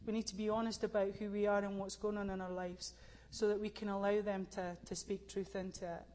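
A Scottish woman answering on a church panel. She speaks earnestly in a flat, even tone and restarts her sentences often. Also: mid-range voice. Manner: halting, many restarts, earnest.

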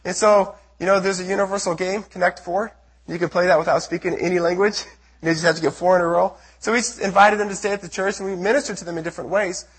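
A man from the United States giving an earnest testimony sermon to a church as a missionary speaker, telling his story with a husky voice. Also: sits high, steady tone, fast. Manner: earnest storytelling, acts out his own prayers and quotes.

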